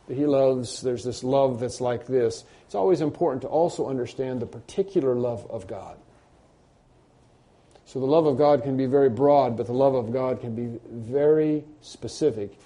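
A man delivers a sermon in a mellow, darker-toned voice of middle pitch. He speaks freely rather than from a script, restarting phrases as he goes. On key points his voice climbs and gets louder. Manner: unscripted preaching with restarts, rising and louder on emphatic points. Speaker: pastor.

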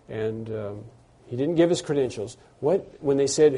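Mellow-voiced man preaching a sermon. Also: medium pitch, lively intonation, unhurried, husky. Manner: earnest, emphatic Bible teaching with reading aloud; hesitant restarts and asides. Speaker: pastor. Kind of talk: expository sermon.

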